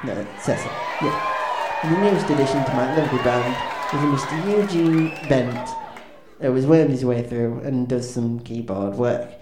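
Over background noise and a crowd, a man's mid-range voice proceeds at a moderate pace. As a band's comedic frontman, he gives awkward, self-mocking stand-up patter full of hesitant ums and restarts, recorded in an echoey room with faint ambience.

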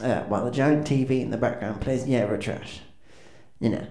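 A man's voice: mid-range voice, normal speed, darkish tone. Awkward rambling man, echoey room. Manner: awkward, self-deprecating, hesitant with many ums and restarts. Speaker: comedic frontman of a band. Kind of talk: rambling stand-up patter. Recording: echoey room with faint ambience.

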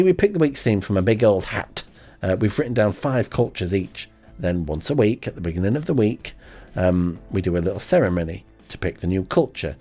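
Low-ish guy rambling deadpan on his little radio show, lots of ums, faint music under him. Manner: hesitant, deadpan, full of ums. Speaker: amateur radio show host. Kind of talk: rambling comic monologue.

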